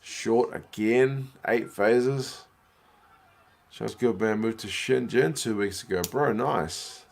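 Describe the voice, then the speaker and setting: Excitable New Zealand man, low voice. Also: slow pace, creaky. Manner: excitable, slangy, reads out viewer comments. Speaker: host watching rugby with live chat. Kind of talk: casual live watch-along chat.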